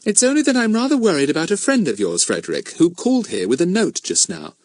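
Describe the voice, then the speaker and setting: A man's voice: sits high, big pitch swings, quick pace, darkish tone, no room sound, pitched above the performer's own voice. A proper, fussy middle-aged mother in a children's storybook, prim and fretful, as a man puts her on. The voice rises a little above a man's own and sounds mannered. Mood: polite.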